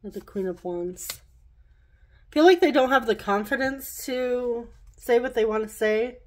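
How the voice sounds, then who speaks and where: A woman's voice: on the high side, unhurried. Chatty woman giving a tarot reading. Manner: chatty, rambling, laughs at herself. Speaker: tarot card reader. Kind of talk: casual pick-a-card tarot reading.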